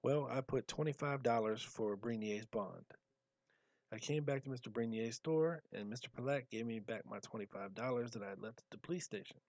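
A man's voice: mid-range voice, a little fast, darkish tone, no room sound, rough recording. A man hosting a podcast, reading testimony aloud with casual, dry asides. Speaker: podcast host.

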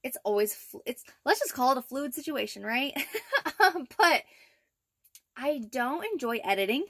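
A woman's voice: high voice, lively intonation, moderate pace, fairly bright tone, dry recording, studio quality. A young woman vlogger talking casually and rambling, with lots of fillers and little laughs, from her van. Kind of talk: casual vlog chat. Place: inside her camper van.

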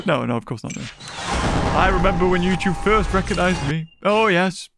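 Excitable British man with lively pitch. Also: unhurried. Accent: British English. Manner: excitable, chatty, often laughing. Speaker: gaming video host. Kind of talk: casual game commentary. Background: game music.

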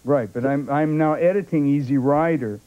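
This older film actor's voice is a little high and moves at normal speed as he shares anecdotes on a talk show. Lively in his telling, he imitates the voices of the people involved, all captured on dull, low-fidelity broadcast tape.

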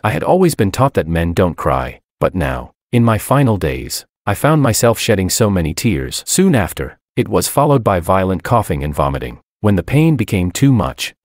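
A man with a deep, low voice narrates a first-person story in a subdued, melancholy way. His pitch rises and falls freely across the lines. The sound is dry and close, with no room around it. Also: very animated, normal speed, hardly any pauses, dry recording.

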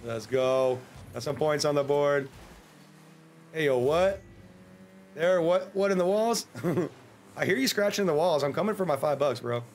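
An American man streaming a game, chatting casually in a joking, rambling way and breaking into sudden excited yelps. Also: fairly high pitch, a little slow, pauses often, slight background noise. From United States. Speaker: livestreamer. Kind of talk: casual gameplay livestream commentary.

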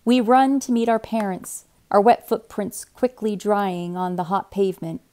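A woman reading a young adult novel aloud in a quiet, measured first-person narration. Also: mid-range voice. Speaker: reader.

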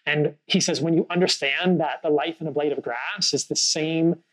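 A man's voice: fairly high pitch, moderate pace, a crowd in the background, rough recording. A man hosting a casual podcast conversation, talking earnestly and thoughtfully, telling a story with frequent fillers. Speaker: podcast host.

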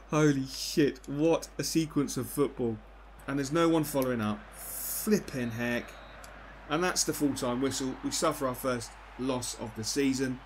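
A man giving live commentary on his own football video game, excitable and quick to swear at the play. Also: medium pitch, a little hiss or hum. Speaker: gaming YouTuber.

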